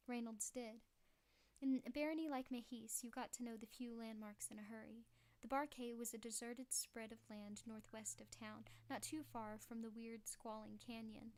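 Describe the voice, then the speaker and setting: A woman's voice: a little high, level tone, normal speed, a little mellow. Woman reading a novel aloud. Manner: apologetic, chatty asides. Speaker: audiobook reader.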